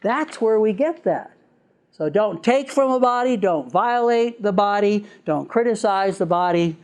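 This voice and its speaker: A man's voice: high voice, expressive, a little slow. Chuckling man giving a lecture. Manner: chatty, laughs often, acts out examples. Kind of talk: live lecture to a class.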